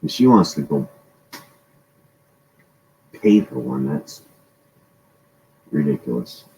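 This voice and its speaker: A man's voice: rumbling low, big pitch swings, slow, creaky, mellow, a little hiss or hum, low-quality recording. A man hosting a casual live-stream chat, rambling along and greeting his viewers by name.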